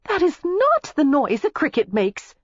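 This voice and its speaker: A woman voicing a spirited young American heiress in an audiobook, frank and lively in her speech. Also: sits high, measured pace, no echo, highs cut off, voice pushed up, full character voice. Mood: protesting. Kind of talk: audiobook character voice.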